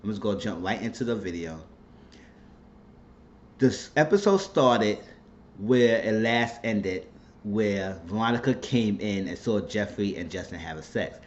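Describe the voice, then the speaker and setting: A man hosting his own channel, casually recapping a TV episode with animated retelling and asides. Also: on the low side, a little slow, highs cut off, a little hiss or hum. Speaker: YouTube show recap host.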